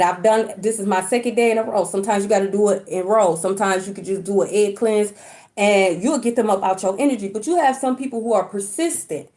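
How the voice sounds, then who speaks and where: Chatty woman reader checking in with "okay?". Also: fairly high pitch. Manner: chatty, repeats "okay?" often; colloquial, curses casually. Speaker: spiritual reader on a livestream. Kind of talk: casual livestream talk to viewers. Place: at home, indoors.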